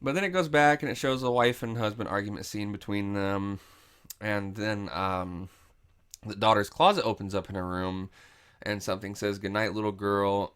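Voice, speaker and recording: Low-voiced man rambling through a movie recap. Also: normal speed, fairly bright tone, no echo. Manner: rambling, profane, clears throat often. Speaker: podcast host.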